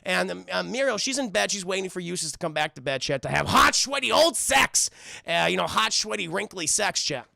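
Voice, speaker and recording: A man's voice: high-pitched, animated, brisk, gravelly, hardly any pauses, pushed and bright, no room sound, clean studio sound. A man streaming a casual cartoon recap, swearing freely and talking to his chat. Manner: profane, keeps addressing chat.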